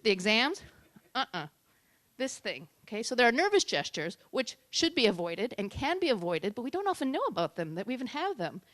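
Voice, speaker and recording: A woman giving a talk on public speaking at a tech meetup, lively and shifting between loud and soft for emphasis. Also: on the high side, brisk, dry recording. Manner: lively, varies loudness and pace for emphasis.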